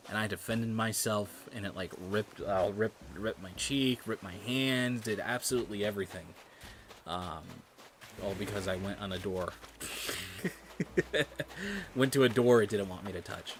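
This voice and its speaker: A man's voice: lowish voice, slight background noise. A man chatting casually while streaming a game, telling rambling stories and swearing freely. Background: game music.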